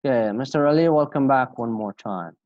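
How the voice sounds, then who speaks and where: A man's voice: medium pitch, dry recording. Man teaching English on a video call. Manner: slow, repeats example phrases, asks students questions. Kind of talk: online class lesson. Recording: dull lo-fi video call audio.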